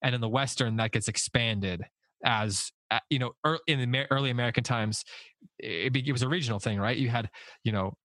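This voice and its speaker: A man's voice: medium pitch, brisk, fairly bright tone, dry recording. A man leading a casual book discussion, thinking aloud with frequent restarts and self-corrections.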